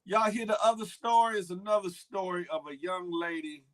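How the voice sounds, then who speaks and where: Animated high-voiced man hosting a live stream. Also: brisk. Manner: animated, greets viewers by name, slangy banter. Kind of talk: casual live-stream chat.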